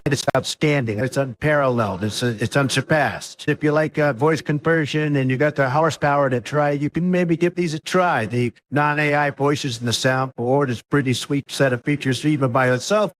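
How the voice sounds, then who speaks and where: A man using a voice changer as another man, casually praising software. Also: medium pitch, moderate pace, hardly any pauses, pitched above the performer's own voice, close to an everyday voice. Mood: enthusiastic. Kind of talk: product review.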